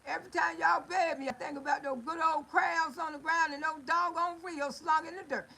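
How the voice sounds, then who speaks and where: A middle-aged woman talks straight into her phone during a livestream. Her voice sits high and carries a gravelly edge. She scolds her viewers in a folksy way and drifts into stories. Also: fairly even intonation, a little fast, sharp tone, poor audio. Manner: folksy, scolding, storytelling with laughs and exclamations. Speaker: livestream host. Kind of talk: casual livestream talk to viewers.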